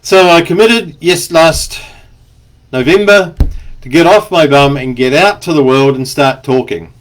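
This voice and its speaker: A man's voice: a little high, a little slow. A man, an author, talking in a rambling, chatty monologue, stopping now and then to cough. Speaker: author and speaker. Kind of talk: casual spoken monologue.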